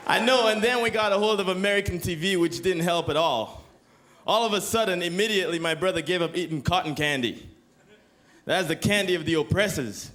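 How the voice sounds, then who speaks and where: A young man from Canada performing a stand-up comedy set, with deadpan setups and excited bursts on the punchlines. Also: high-pitched, brisk, some chatter behind.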